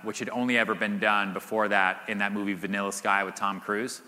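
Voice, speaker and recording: A man in his thirties, a guest at a live summit, tells stories with lots of laughs and "like" fillers. His voice is very bright and cutting. It echoes through a large hall. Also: fairly low pitch, a little fast. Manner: animated storyteller, laughs often, many "like" fillers. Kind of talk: live Q&A storytelling. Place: event stage. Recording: reverberant hall.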